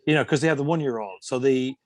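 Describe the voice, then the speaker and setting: A man's voice: mid-range voice, quick pace, a little mellow, dry recording. A man co-hosting a comedy podcast from a relative's house, chatting in a jokey way and often restarting his sentences. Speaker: podcast co-host. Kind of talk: casual comedic chat.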